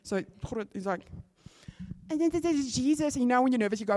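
A woman's voice: high voice, moderate pace. A woman with a South African accent preaching a testimony sermon and acting out conversations as she tells them. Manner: animated storytelling, acting out conversations. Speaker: church speaker.

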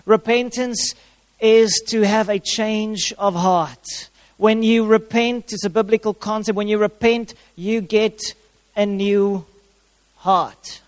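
A man preaches in a high, light voice, driving his points home by repeating them. His words ring out with a long echo, as if he stands in a big hall. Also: steady tone, slow pace. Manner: repeats key phrases for emphasis, uses props. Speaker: pastor. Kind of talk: sermon.

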